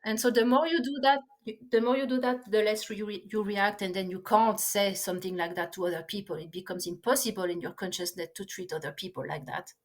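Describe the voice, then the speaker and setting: A woman with a non-native English accent, a podcast guest speaking in a halting, earnest way with many restarts. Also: mid-range voice, steady tone. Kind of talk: conversational interview.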